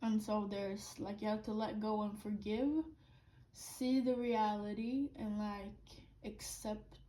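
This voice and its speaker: A woman talks through an oracle card reading in a loose, rambling way, at a mid pitch. She is blunt and casual, and drops the odd swear word. A faint hum of room ambience sits under her voice. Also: little pitch movement, slow, mellow, rough recording.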